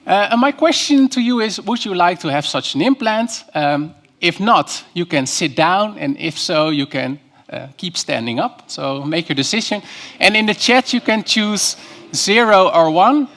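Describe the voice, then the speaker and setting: With a high, bright, pushed voice that stays animated yet unhurried, a keynote speaker in his 30s, whose first language is Dutch, addresses a university lecture hall. He weaves in stories and keeps the audience involved with questions.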